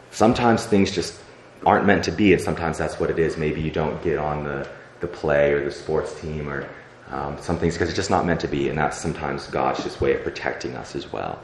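Very deep-voiced man preaching in an echoey church. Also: brisk, a little hiss or hum. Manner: conversational, with many fillers and acted-out prayers. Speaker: pastor. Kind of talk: sermon. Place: church sanctuary. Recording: echoey church hall, faint ambience.

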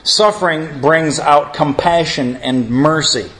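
Guy with a fairly high voice teaching a bible class, earnest, keeps saying friends. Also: slow pace, a bit bright. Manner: earnest, addresses listeners as friends. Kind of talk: theology class lecture with opening prayer.

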